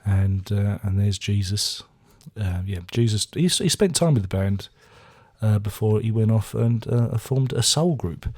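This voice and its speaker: Rambling through a casual review of his records, a man makes dry jokes at his own expense. He talks a little slowly in a lowish, slightly mellow voice.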